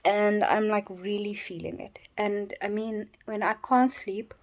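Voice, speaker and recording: A tired, sleep-deprived woman rambling in a personal vlog from her bedroom, yawning and halting with many restarts. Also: mid-range voice, steady tone. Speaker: vlogger.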